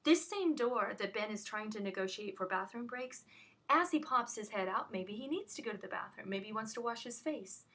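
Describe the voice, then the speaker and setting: A woman's voice: fairly high pitch, expressive, normal speed, a bit bright. A woman on a phone call, telling what happened in an agitated, rambling way full of restarts. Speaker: caller recounting an incident. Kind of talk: emotional phone conversation.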